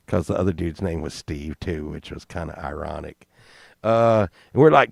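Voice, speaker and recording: A man's voice: deep voice, moderate pace, vocal fry, no echo, studio quality. A man telling a crude comic story in a rambling, profane, casual way, laughing along. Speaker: podcast host.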